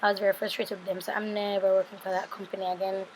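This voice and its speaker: A Jamaican woman in her thirties talks through a makeup tutorial as a casual voice-over, rambling from one aside to the next and checking in with viewers. She sounds tired and sleepy, her voice pitched at an ordinary middle height, with a faint hiss of noise underneath. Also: little pitch movement, rapid-fire, darkish tone. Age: 30s. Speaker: beauty vlogger.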